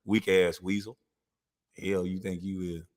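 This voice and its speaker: A man's voice: low-pitched, flat delivery, unhurried, darkish tone, long reverb tail. A man hosting a livestream, talking back in a profane, fiery, confrontational way. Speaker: show host. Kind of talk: heated livestream talk.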